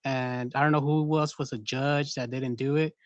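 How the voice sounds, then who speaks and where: A man's voice: medium pitch, flat delivery, moderate pace, no room sound, muffled recording. A man chatting casually on a live stream, rambling with lots of fillers and laughing through his stories. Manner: rambling with many fillers and acted-out gasps. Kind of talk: casual chat.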